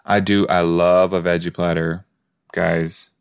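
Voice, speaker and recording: A man's voice: deep voice, little pitch movement, a little slow, gravelly, smooth. A man hosting a casual watch-along podcast, chatty and full of exclamations, often trailing off mid-thought. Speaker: podcast host reacting to a sitcom.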